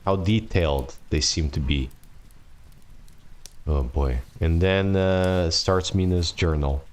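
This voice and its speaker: Man, live-stream book reader, very low voice, slow, laid-back, swears and laughs a lot, casual chat. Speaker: streamer reading a novel aloud.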